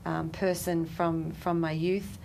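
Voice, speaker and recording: A woman with an Australian accent, an interview guest, speaking softly and hesitantly with many fillers. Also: deep voice, level tone, slow, creaky, slight background noise.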